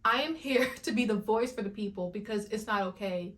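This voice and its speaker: A woman reviewing a cartoon reboot in an animated rant, dramatic and emphatic, repeating lines for effect. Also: mid-range voice, fairly quick, loud music behind the voice. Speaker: YouTube reviewer.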